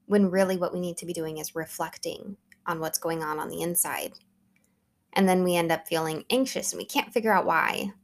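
A woman's voice: lowish voice, gravelly. A woman in her thirties hosting a solo podcast, talking earnestly and conversationally as she coaches her listeners. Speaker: podcast host. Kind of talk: solo podcast talk, motivational.

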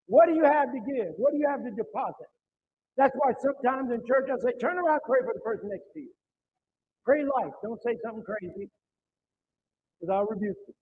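A man's voice: extremely high pitch, lively intonation, fairly quick, long pauses, slight background noise. A male pastor preaching a sermon in church, emphatic and calling on the congregation to answer back, in a dull, muffled recording.

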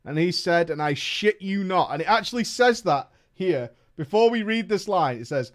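A man's voice: high voice, lively intonation, normal speed, hardly any pauses. A man reading a story aloud to his viewers as a streamer, breaking off to swear, laugh and crack jokes to the boys.

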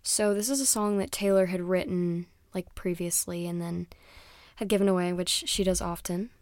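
A woman's voice: fairly low pitch, steady tone, moderate pace, darkish tone. A young woman chatting casually as a music reviewer, rambling and dropping into whispered asides. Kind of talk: casual chat.

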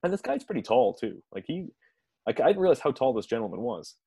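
A man's voice: mid-range voice, very animated, fast talker, vocal fry, mellow, slightly rough, dry recording. A man casually recapping a TV episode in a rambling way, full of fillers and restarts, chuckling now and then.

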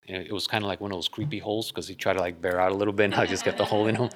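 Low-voiced man telling a story. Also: sharp tone, dry recording, studio quality. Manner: rambling, repeats words and restarts, earnest. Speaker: guest sharing a personal story. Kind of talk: casual storytelling.

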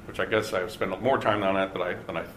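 A man teaching a Bible study class, speaking deliberately and stressing key words with pauses. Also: sits low, fairly even intonation, a bit bright, slight background noise.

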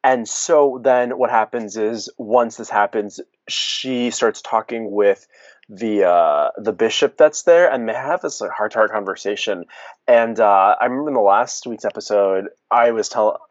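A man's voice: lowish voice, unhurried, dry recording, muffled recording. A man co-hosting a podcast, casually recapping a film plot with fillers. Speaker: podcast co-host. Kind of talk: casual chat.

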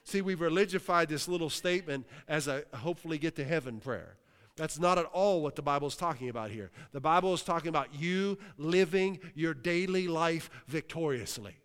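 A Western Pennsylvania pastor delivers a sermon in a smooth, fairly bright voice that sits a little high for a man, moving at a fairly quick clip. He breaks in with cries of hallelujah and checks in with the congregation, and a long hall reverb trails his words.

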